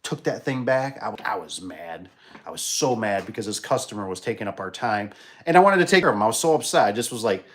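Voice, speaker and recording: A man's voice: lowish voice, quick pace. A man who installs garage doors, casually telling a rambling work story on a livestream, full of restarts and acted-out dialogue. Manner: rambling, animated retelling with many restarts.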